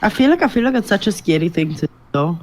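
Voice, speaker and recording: A woman co-hosting a comedy podcast, telling stories in an animated way with frequent laughter. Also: medium pitch, fast talker, a crowd in the background, low-quality recording. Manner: animated storyteller, laughs often. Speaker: podcast co-host. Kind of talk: casual comedic chat.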